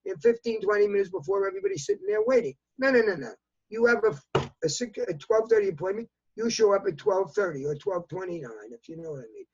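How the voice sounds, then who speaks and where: Older man, 80s, New York accent, repeats himself for emphasis; higher voice, muffled video call sound. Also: very animated, a little fast, husky. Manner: emphatic, repetitive, talks in bursts. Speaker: interview guest. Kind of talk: remote news interview. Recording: dull lo-fi video call audio.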